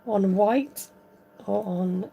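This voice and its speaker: The recording is lo-fi with a little hiss or hum, carrying a mid-range female voice with vocal fry and drawn-out words. At home, she giggles and chats casually as she works through a papercraft tutorial.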